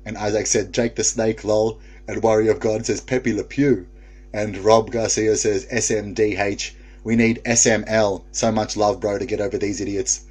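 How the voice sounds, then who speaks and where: A man with a husky, somewhat low voice hosts a casual live stream. He reads viewer comments aloud one after another and often breaks into laughter. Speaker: live stream host reading chat.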